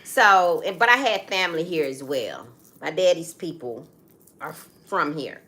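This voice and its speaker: A woman's voice: low voice, animated, moderate pace, sharp tone. A middle-aged woman co-hosting a casual talk show, telling a story emphatically and turning to the audience with direct asides. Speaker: co-host. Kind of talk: casual chat.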